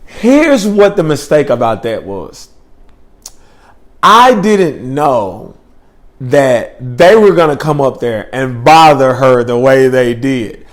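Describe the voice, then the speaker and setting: A man's voice: mid-range voice, animated, normal speed. A young man telling a personal story in a laid-back, slangy, rambling way with lots of fillers. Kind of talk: casual storytelling.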